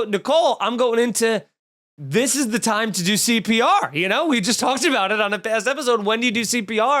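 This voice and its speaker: A man hosting a comedy podcast, telling a wild story with profanity and acted-out quotes. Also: sits high. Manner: animated, profane, acts out voices in his story. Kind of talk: comic storytelling rant.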